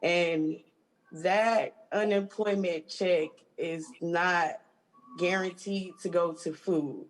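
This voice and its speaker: A woman from Georgia, a union stage hand, speaking haltingly and emotionally on a video call. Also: on the low side, faint music behind, low-quality recording. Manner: halting, emotional, with many restarts.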